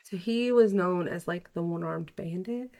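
A woman co-hosting a true-crime podcast, speaking casually with quick, slangy reactions. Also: on the low side, vocal fry, darkish tone. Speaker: podcast co-host.

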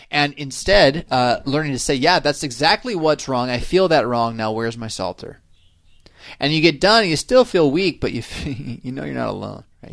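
A man's voice: medium pitch, vocal fry, no echo, studio quality. A man hosting a podcast, walking through a Bible passage in a casual, conversational way, full of fillers and tag questions like "right?". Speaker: podcast host teaching scripture. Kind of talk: casual Bible study chat.

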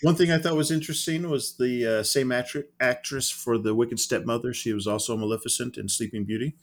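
Laid-back guy cohosting a podcast, medium pitch, teasing a bit. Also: steady tone, a little fast. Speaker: podcast co-host. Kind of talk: casual podcast chat.

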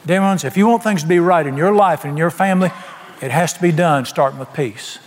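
A man's voice: fairly high pitch, a little fast, in a large hall, a little hiss or hum. An older man preaching a folksy, emphatic sermon, asking the congregation questions. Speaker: pastor.

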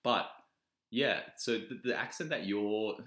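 A man's voice: on the low side, a little slow, fairly bright tone. A man with a broad Australian accent talking candidly and self-deprecatingly in a casual podcast chat. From Melbourne, Australia. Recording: roomy echo.

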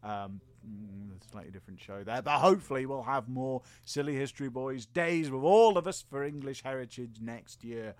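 A man's voice: medium pitch, normal speed, few pauses, darkish tone, no room sound. Rambling, jokey male podcast host. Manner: rambling, jokey, self-correcting. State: a bit tired. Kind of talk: casual podcast outro chat.

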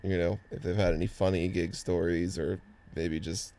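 A man hosting a casual interview, asking relaxed questions and cracking jokes. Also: deep voice, moderate pace. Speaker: interview host.

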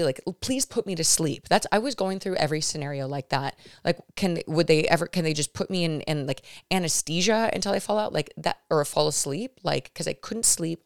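A woman in her thirties hosting a podcast, retelling a frightening experience in an animated, emphatic way, often turning to her listeners. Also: low voice, dry recording, clean studio sound. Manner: animated, emphatic retelling with many restarts, addressing listeners directly. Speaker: podcast host. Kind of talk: storytelling monologue to viewers.

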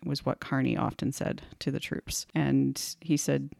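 A woman with a gravelly, fry-edged voice co-hosts a casual history podcast. She tells her stories with little jokes and self-deprecating asides. The sound is close and dry. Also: a bass voice, steady tone, unhurried, a little mellow, no room sound. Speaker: podcast co-host.

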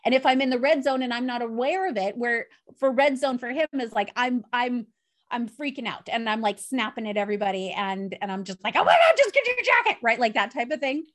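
A woman's voice: fairly high pitch, a little fast. A woman in her thirties chatting candidly on a podcast, telling stories and acting out little bits of dialogue. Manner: candid, storytelling, acts out dialogue. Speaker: podcast guest. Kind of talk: casual chat.

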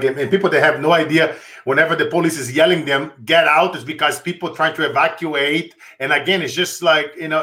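A man's voice: a little high, sharp tone. Rambling male interview host. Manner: rambling, repetitive with many fillers. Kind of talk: conversational interview.

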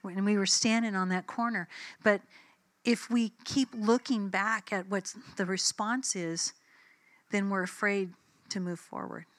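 A woman's voice: medium pitch, steady tone, a little slow, no echo. A woman preacher giving a sermon in a conversational, emphatic way, telling personal stories and acting out the dialogue.

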